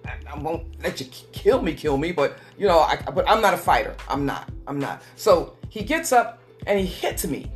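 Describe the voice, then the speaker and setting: A woman with a somewhat low voice tells her story as a guest, earnest and repetitive, slowing down to press her words. Faint music plays softly underneath. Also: very animated. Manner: repetitive, earnest, slows for emphasis. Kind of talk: emotional personal testimony.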